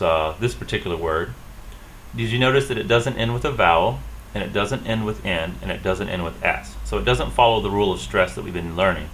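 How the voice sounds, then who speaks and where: A man's voice: fairly low pitch, fairly bright tone, a little hiss or hum, rough recording. Patient man teaching pronunciation. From South Carolina, US. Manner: slow, patient, repeats example words. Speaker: Spanish teacher. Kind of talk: classroom lesson on pronunciation.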